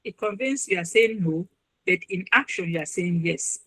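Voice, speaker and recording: A woman's voice: on the low side, expressive, normal speed, bright, forceful tone, dry recording, poor audio. A woman, a university registrar and counselor, earnestly advising listeners in a webinar talk over a video call. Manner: earnest, advising, acts out quoted voices.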